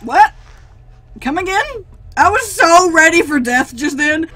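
A woman's voice: extremely high pitch, animated, a little slow, bright, forceful tone, slight background noise. A woman doing horror game commentary into a desk microphone, sarcastic and talking back to the characters, then screaming at the jump scares. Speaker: gaming channel host.

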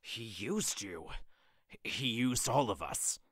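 A man's voice: medium pitch, lively intonation, takes it slowly, fairly bright tone, breathy edge, no room sound, heavily acted. A man voicing a stern male fox general and protective father in an audio drama, commanding and harsh.

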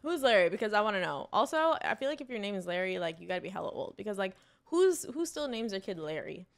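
A woman's voice: medium pitch, big pitch swings, quick pace, gravelly. A young woman gaming streamer giving casual, slangy commentary and talking to herself as she plays. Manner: slangy, chatty, talks to herself.

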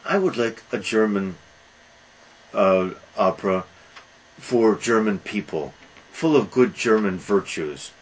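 A man's voice: lowish voice, expressive, slow pace, long pauses, husky, exaggerated voice, rough recording. A man voicing a good-natured, kindly emperor in a retold film scene.

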